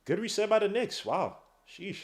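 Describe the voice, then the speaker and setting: A man hosting a podcast, giving excited, slangy fan play-by-play of a game and teasing his co-hosts. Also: sits high, moderate pace. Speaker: podcast host.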